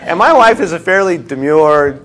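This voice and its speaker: A man leading a classroom discussion as the instructor, telling stories with animated laughter. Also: fairly high pitch, moderate pace. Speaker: seminar instructor. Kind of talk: teacher leading a group discussion.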